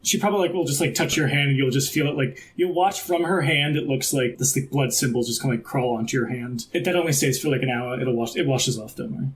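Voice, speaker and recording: A man game master narrating a tabletop role-playing game, talking in a loose, rambling way packed with fillers. His voice sits at an ordinary middle pitch. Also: fast, few pauses, slight background noise.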